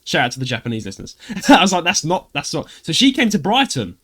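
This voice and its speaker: A man with a Cockney accent, co-hosting a casual podcast and telling stories with loud acted outbursts. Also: fairly high pitch, huge pitch swings, fast, slightly rough. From London, England. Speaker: podcast co-host.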